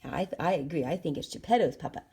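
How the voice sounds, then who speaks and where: A woman's voice: sits low, quick pace, gravelly, dark tone, husky. A woman reading a picture book aloud to children, engaging and asking the listener questions.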